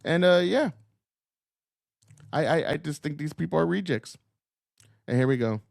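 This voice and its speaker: A man rants with a gravelly, fry-laced voice, combative and profane. His sound is dry and close. He talks as the host of a commentary show. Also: a little high, lively intonation, normal speed, dry recording. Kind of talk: ranting commentary.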